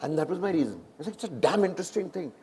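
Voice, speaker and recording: This fairly high-pitched, rapid-fire voice belongs to a middle-aged Indian English-accented film director, with slight noise in the background. Sharing stories at a live fireside chat in a big hall, he's animated and performs the quoted exchanges.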